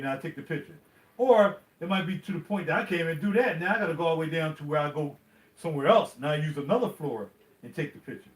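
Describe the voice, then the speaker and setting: A middle-aged man talks straight to his viewers in a loose live-stream chat. His voice sits a little high for a man. He rambles from one thought to the next as he goes. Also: fairly bright tone. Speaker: vlogger.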